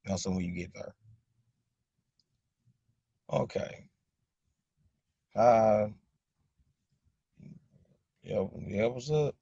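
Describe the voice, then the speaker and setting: A man's voice: fairly low pitch, lively intonation, slow, gravelly, pauses often, mellow, breathy edge, no room sound, muffled recording. A man with a Southern accent from Arkansas, rambling in a casual live chat with viewers and repeating "you know what I'm saying". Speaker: livestream host chatting with viewers.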